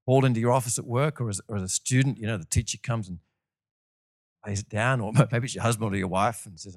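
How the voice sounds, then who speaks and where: A man's voice: medium pitch, fairly quick, dry recording, studio quality. A man preaching a sermon, telling stories and acting out the voices of the people in them. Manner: animated storytelling with acted-out voices.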